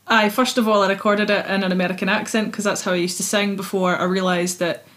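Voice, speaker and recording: A Scottish woman in her young adult years talks through her song in a relaxed, animated way. She is expressive, dramatic in a self-aware way, and quick to laugh. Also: medium pitch. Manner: chatty, expressive, laughs easily. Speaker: singer-songwriter guest. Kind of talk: casual interview chat.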